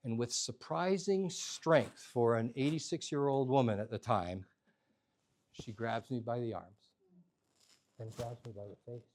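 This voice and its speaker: A man telling a personal story to a live audience, in an animated, humorous, conversational way. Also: mid-range voice, a little slow, a little hiss or hum.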